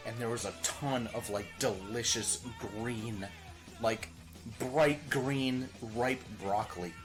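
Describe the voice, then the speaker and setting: A man casually chatting with his stream viewers, rambling and animated, laughing and swearing freely as he talks. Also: medium pitch, slow pace. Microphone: desk microphone. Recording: music playing behind the voice.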